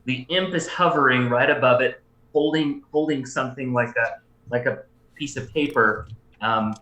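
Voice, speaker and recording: A man narrates a tabletop game as dungeon master, his voice bright and forward. He feels his way through each scene, restarting sentences and filling pauses with ums. The room around him rings with a noticeable echo. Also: mid-range voice. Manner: halting, full of restarts and ums. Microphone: livestream mic.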